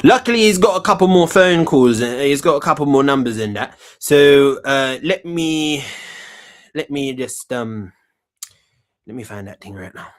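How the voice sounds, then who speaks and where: A man hosts a comic talk show, delivering a cocky, rambling monologue packed with slang and repetition. His mid-range voice is animated, and he keeps a moderate pace.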